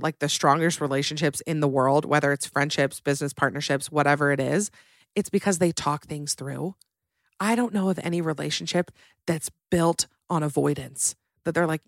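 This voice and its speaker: A woman's voice: low voice, no echo, clean studio sound. A young woman hosting a solo podcast, talking in a candid, chatty and emotional way. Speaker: podcast host.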